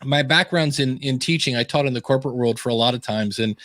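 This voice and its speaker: A man's voice: medium pitch, quick pace, no echo, studio quality. A man who is a podcaster and author, chatting as a guest over a video call, self-deprecating and acting out the voices in his stories. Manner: self-deprecating, animated storyteller acting out quotes. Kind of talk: casual interview chat.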